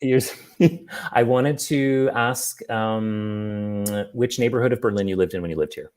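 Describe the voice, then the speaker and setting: A man runs an online comedy show from his home over a livestream call, stopping and starting as he rambles and mocks himself. He has a lowish, slightly mellow voice.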